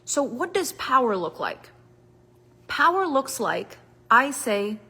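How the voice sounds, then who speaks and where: A woman giving a motivational coaching talk, emphatic and repetitive, dropping to quiet asides and rising again. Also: mid-range voice, expressive, normal speed, slight background noise. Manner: emphatic, repetitive, dramatic shifts in loudness. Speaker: business coach. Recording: long reverb of a hall.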